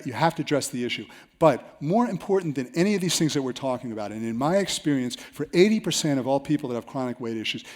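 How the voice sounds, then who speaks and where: A man presenting a seminar to a live audience. He tells self-mocking stories with lively energy. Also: on the high side. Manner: storytelling, animated, with self-mocking anecdotes.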